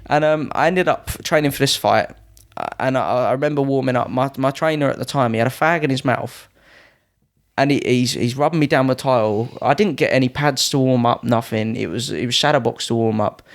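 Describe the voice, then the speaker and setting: Lively young man telling stories. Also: mid-range voice, brisk. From United Kingdom. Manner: lively, acts out quoted people in a raised voice. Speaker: podcast guest, Muay Thai fighter. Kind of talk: casual anecdotal storytelling.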